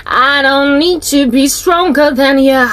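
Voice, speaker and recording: A woman's voice: high-pitched, slow pace, a bit bright. A woman from South Africa, a Christian online minister, joking and preaching in a theatrical, half-sung way. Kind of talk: playful improvised singing and preaching.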